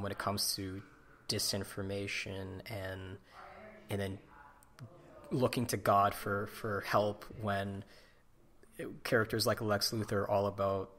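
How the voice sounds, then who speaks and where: A man's voice: fairly low pitch, creaky, pushed and bright. A man co-hosting a podcast in casual chat, opinionated and ranting about what annoys him. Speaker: podcast co-host.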